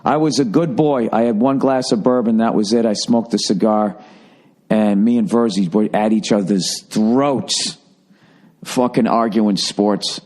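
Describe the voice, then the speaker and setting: A man's voice: measured pace, darkish tone. Boston-area guy riffing on his podcast, swears a lot, voice jumps way up when he gets worked up. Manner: profane, rambling, with sudden high-pitched bursts for emphasis. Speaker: podcast host. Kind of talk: casual storytelling monologue.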